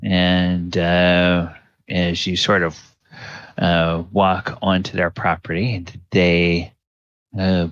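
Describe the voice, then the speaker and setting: A man narrating a tabletop game as game master, halting with many fillers. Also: low-pitched, completely flat delivery, fairly bright tone, clear, resonant tone, lo-fi sound.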